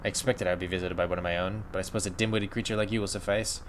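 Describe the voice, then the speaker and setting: A man voicing a low, cold mechanical void being. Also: steady tone, a little hiss or hum, lightly acted. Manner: slow, low, condescending.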